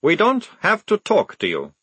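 A man voicing an irritable male soldier, cold and snappish, with a husky voice that swings up and down. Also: on the high side, huge pitch swings, normal speed, a bit bright, no echo, pitched above the performer's own voice, heavily acted.

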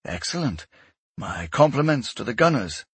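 A man voicing a ruthless male imperial fleet lord who speaks in a calm, clipped, detached way. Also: medium pitch, moderate pace, breathy edge, dry recording, voice pushed up. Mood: cold.

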